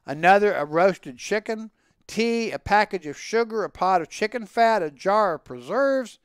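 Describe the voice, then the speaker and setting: A man reading a story aloud with expressive storytelling. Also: on the high side, smooth, dry recording, studio quality. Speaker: story reader.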